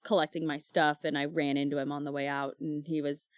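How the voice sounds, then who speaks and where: A woman's voice: low-pitched, flat delivery, a little fast, dry recording, studio quality. A woman co-hosting a book club podcast, telling stories in casual chat with lots of fillers and acted-out quotes. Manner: chatty storyteller, many fillers, acts out quoted dialogue.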